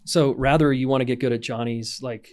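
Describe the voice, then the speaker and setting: A man with a medium-pitched voice speaks fairly quickly as a podcast guest. He's a relationship coach offering frank, practical advice on raising children and repairing relationships with them, and he animatedly acts out parents' voices.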